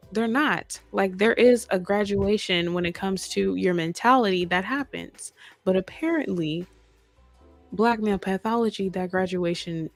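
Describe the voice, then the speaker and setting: Woman host, creaky voice, dry close mic, emphatic reaction commentary. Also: medium pitch, no echo. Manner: emphatic, repeats points, laughs mid-sentence.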